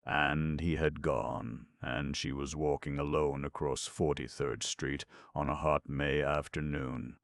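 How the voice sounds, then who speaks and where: A man narrating an audiobook in a steady, measured reading. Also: extremely low pitch, gravelly, no echo, studio quality.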